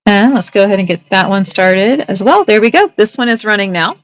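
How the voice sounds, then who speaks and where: A woman hosts a live online sale, chatting through each item in a relaxed, friendly patter. She throws in little teasing jokes as she goes. Her voice sits in a middle range and sounds dry and close, with no room echo. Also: mid-range voice, a little fast. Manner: chatty and upbeat, with playful teasing asides. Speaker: live online auction seller.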